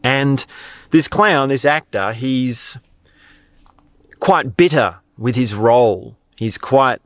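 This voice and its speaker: An Australian man hosts a podcast in a relaxed, conversational monologue, often ending sentences with "right?" His voice sits on the low side, is slightly bright, and has no echo.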